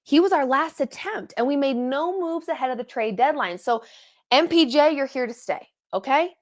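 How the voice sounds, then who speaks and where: A young adult woman hosting a post-game reaction show, talking to her viewers in an animated, exasperated way with sarcastic asides. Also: sits high, moderate pace. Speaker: sports show host.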